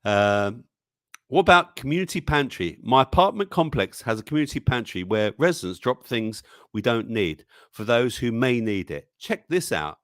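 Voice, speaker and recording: A man's voice: mid-range voice, sing-song, normal speed, dry recording, clean studio sound. A man hosting a casual live-stream news show, chatting and reading memes aloud, chuckling often and exclaiming over what he shows. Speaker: livestream news show host.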